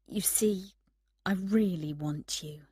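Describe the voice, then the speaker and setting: A woman reading aloud and voicing an arrogant young man who speaks softly and gently. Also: lowish voice, slow pace, breathy edge, dry recording, studio quality. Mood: gentle. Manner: soft, gentle. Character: young man, arrogant, self-centred charmer.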